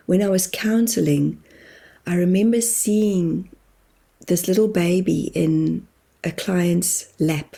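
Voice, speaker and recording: A woman's voice: fairly low pitch, steady tone, slow pace, vocal fry, dark tone. A woman guest, a spiritual medium and therapist, sharing personal stories in an open, heartfelt way and tearing up as she talks. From immigrated to New Zealand. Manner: tearful, open and heartfelt, laughs through tears. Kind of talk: emotional personal storytelling.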